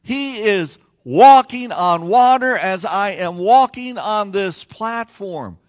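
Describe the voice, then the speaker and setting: A man's voice: high-pitched, animated, slow. A man preaching a sermon from a stage platform, telling a story with playful asides. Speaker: pastor.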